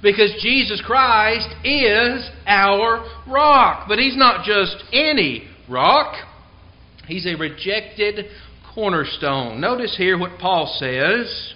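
High-voiced preacher, emphatic, lo-fi. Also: male voice, lively intonation, slow. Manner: emphatic, stresses key words; tells a joke before the lesson. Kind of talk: sermon.

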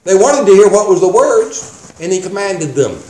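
A man's voice: high-pitched, very animated, moderate pace, warm tone. A man preaching a sermon, reading scripture aloud and pressing his points with rhetorical questions. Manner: emphatic, reads scripture in King James wording, asks rhetorical questions. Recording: roomy echo.

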